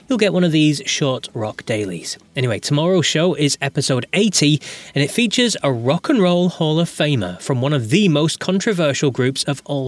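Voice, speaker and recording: Chatty male rock podcast host. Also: mid-range voice. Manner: chatty, candid asides. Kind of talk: scripted podcast narration.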